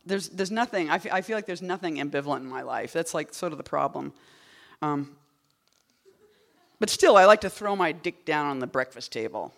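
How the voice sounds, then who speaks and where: This woman is a poet at a reading, and her between-poem talk is loose and wry, full of self-interruptions that jump from loud outbursts to soft murmurs. She has a deep, gravelly voice with lively intonation and speaks at a moderate pace.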